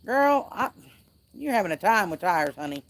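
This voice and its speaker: A woman's voice: mid-range voice, big pitch swings, moderate pace. A woman hosting a casual outdoor livestream by a fire, chatting and reading viewer comments aloud. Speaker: livestream host.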